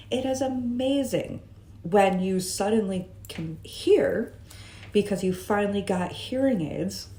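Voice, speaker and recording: A woman's voice: medium pitch, a little mellow. A woman vlogging in a chatty, musing way, with jokey asides, talking from her room. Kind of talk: casual vlog monologue. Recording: roomy echo.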